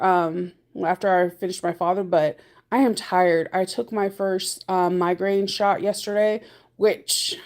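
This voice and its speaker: A woman's voice: medium pitch, a little mellow. A woman vlogging in a chatty, rambling way, laughing often and acting out her stories, talking from her car. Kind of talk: casual chat.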